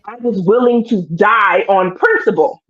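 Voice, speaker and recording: An animated woman talks through a TV episode with a friend, jumping into exaggerated voices to replay the scenes. Her audio is a little dull and lo-fi. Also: medium pitch, unhurried. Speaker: show co-host. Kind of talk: casual TV recap chat.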